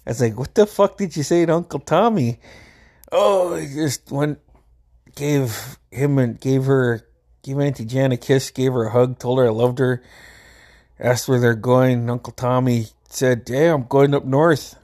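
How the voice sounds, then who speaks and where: A man's voice: mid-range voice, measured pace, a little mellow. A middle-aged man casually telling a family story, laid-back, swearing freely and laughing as he goes.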